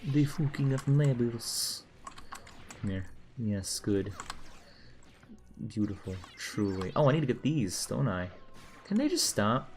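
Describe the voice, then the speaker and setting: A young man with a fairly low voice talks his way through a video game, muttering and cursing under his breath. His commentary is loose, sarcastic and profane, with faint music playing behind him. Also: expressive, a little slow, long pauses. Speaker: game streamer. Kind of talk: casual gameplay commentary.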